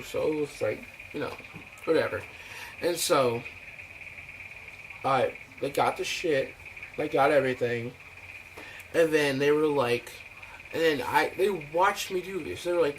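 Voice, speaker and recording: A man's voice: on the high side, measured pace, pauses often. Young man ranting with lots of swearing. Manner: profane, rambling, with many fillers and acted-out quotes. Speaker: vlogger. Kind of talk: ranting storytelling vlog. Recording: noisy home recording.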